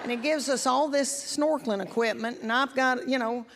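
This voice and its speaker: A woman's voice: high voice, steady tone, normal speed, a bit bright, slight background noise. A middle-aged woman, telling chatty, folksy stories in a stand-up comedy routine. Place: comedy stage before a live audience.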